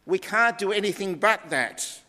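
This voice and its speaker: A man delivers a sermon at an unhurried, deliberate pace, his slightly raised voice stressing key words as he teaches. A long reverb trails each phrase, as if he speaks in a large hall. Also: high voice, expressive, bright, forceful tone. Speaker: preacher.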